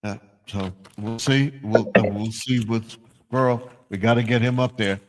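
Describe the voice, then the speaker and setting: A man's voice: medium pitch, steady tone, moderate pace. A man in his seventies on a casual livestream, answering with short, agreeable remarks. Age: 70s. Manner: brief, agreeable backchannels.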